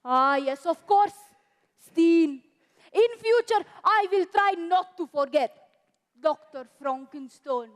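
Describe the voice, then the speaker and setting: A stern sly housekeeper. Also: female voice, very high-pitched, expressive, slow pace, exaggerated voice. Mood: formal. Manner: formal, arch. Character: stern middle-aged German housekeeper, sly. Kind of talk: amateur stage musical. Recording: stage mic in a reverberant hall.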